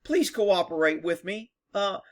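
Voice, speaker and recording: A man's voice: high-pitched, animated, unhurried. A man putting on the voice of a timid, overly polite police officer who pleads meekly. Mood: mock-pleading. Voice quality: meek, pleading, mock-soft.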